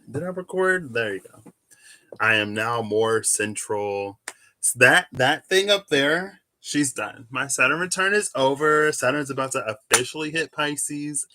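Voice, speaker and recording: A man's voice: mid-range voice, pushed and bright, slight background noise. A man chatting casually as he shuffles and pulls tarot cards, rambling and correcting himself as he goes. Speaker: tarot reader. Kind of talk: casual tarot reading vlog.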